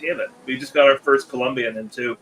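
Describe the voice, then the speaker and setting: A man's voice: medium pitch, steady tone, a little fast, fairly bright tone, a little hiss or hum. A man in a casual podcast chat who teases the host and has the hiccups. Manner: teasing, joking.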